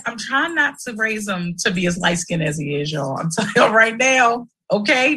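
Woman, livestream host, bright husky voice, animated and emotional, prone to shouting. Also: mid-range voice, brisk, hardly any pauses, rough recording. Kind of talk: casual livestream chat.

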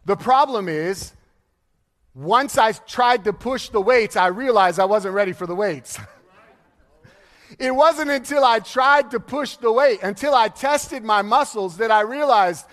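A male pastor preaching a sermon in a lively, storytelling way, laughing and acting out the people he quotes. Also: sits high, takes it slowly. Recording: long hall reverb.

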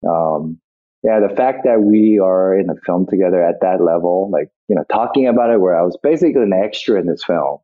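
Husky-voiced man on a tinny line. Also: deep voice, expressive, brisk. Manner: rambling, reflective, many restarts. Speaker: guest actor. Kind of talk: casual interview.

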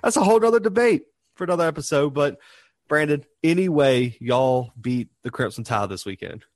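A man co-hosting a sports podcast, chatting casually in an animated, teasing way and laughing often. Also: fairly high pitch, fairly quick, no room sound. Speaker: podcast co-host.

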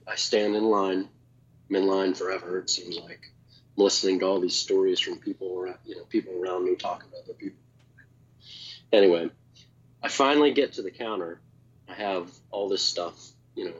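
A man with a low, husky voice tells a story in a wry, easygoing way. The recording sounds dull and muffled. He laughs easily as he talks. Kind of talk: casual storytelling.

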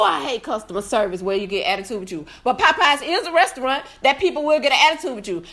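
High, lively, loud-mouthed woman ranting. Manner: loud, profane, animated, often shouting; laughs through her complaints. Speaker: food reviewer on a live video. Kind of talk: casual ranting review.

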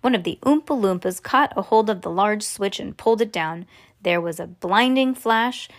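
A woman's voice: mid-range voice, normal speed. A woman reading a children's story aloud in plain narration, with chatty asides to a listener. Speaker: reader.

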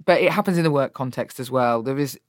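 A woman's voice: very deep voice, quick pace, dry recording, clean studio sound. A woman politician with a Birmingham English accent, talking candidly and bluntly in an interview, swearing freely. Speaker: politician guest.

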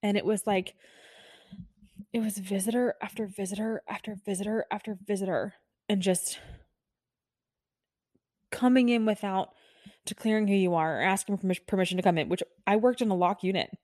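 A woman's voice: medium pitch, steady tone, fairly quick, pauses often, darkish tone, no room sound, clean studio sound. A woman who works as a nurse, venting in an exasperated, frazzled, emphatic monologue.

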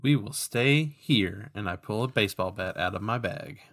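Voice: medium pitch, expressive, normal speed, a bit bright. A player in a tabletop role-play who speaks in character, hesitant and earnest.

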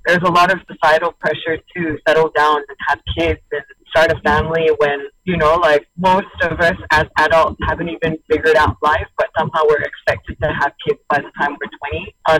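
A woman's voice: low voice, fairly bright tone, dry recording, rough recording. A young woman telling her personal story as a radio interview guest, thoughtful and hesitant, with many fillers and light laughs. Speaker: interview guest, single mother.

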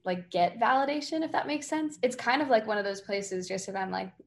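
A young woman from the Boston area, a singer-songwriter, talking casually in an interview with many fillers and lively quoted asides. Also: fairly high pitch, fairly quick, vocal fry. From Massachusetts, near Boston. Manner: chatty, many fillers, animated quoting.

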